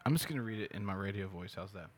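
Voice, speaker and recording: A man's voice: fairly low pitch, racing, faint music behind. A man co-hosting a casual chat with friends, reading out a word game and breaking into laughter as he goes. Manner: reads aloud, breaking into laughter.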